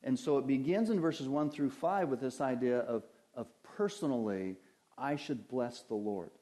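A man preaching a sermon, reading Bible verses slowly and deliberately and putting questions to his listeners. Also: medium pitch, mellow. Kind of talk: sermon teaching from Scripture.

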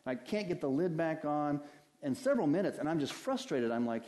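A male pastor preaches a conversational sermon, weaving scripture together with homely stories and rhetorical questions. His voice is a little high and darkish in tone, with a brisk, sing-song delivery.

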